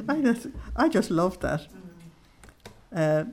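A woman's voice: mid-range voice, big pitch swings, very slow, a little mellow, slight background noise. A middle-aged woman giving an informal religious talk to a group, reading quotes aloud with feeling and laughing often. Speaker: speaker on Christian mysticism.

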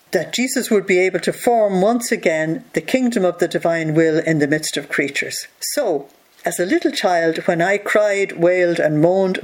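A teacher reading a devotional text aloud, slowing down on key phrases and stopping to explain them with rhetorical questions. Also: medium pitch. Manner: reads passages slowly, then explains with rhetorical asides.

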